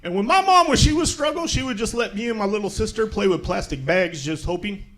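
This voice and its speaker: Lively high-voiced comedian doing stand-up. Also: male voice, fast talker. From Tacoma, Washington. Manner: laid-back, self-mocking, chuckles through punchlines. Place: comedy show with live audience.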